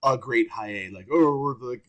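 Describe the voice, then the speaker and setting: Animated man telling stories. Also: medium pitch, moderate pace. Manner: animated, excitable anecdotes with bursts of energy. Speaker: guest trumpeter. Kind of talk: casual interview storytelling. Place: works around Orange County, California.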